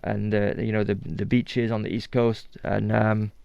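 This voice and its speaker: Man in his thirties, from the UK, smooth clear voice, dry close sound, rambling chatty radio guest. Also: fairly low pitch, level tone, a little slow, darkish tone, dry recording, lo-fi sound. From United Kingdom. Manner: chatty, many fillers and restarts. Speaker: guest TV host. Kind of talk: casual radio interview.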